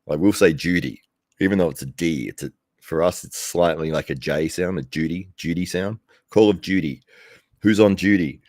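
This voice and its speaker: With a deep, slightly mellow voice and a moderate pace, an Australian livestream commentary host rambles casually to his audience. He laughs often and keeps correcting himself. It's captured on a desk microphone, no headphones, with no echo and clean studio sound.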